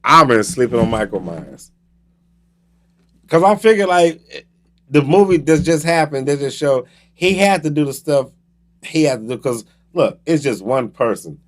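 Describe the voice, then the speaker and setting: A talk-radio host with a Southern American accent spins a casual comic monologue. His voice sits a bit high and swings widely, and he slips into little acted-out scenes. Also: unhurried. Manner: animated storytelling, acts out scenes.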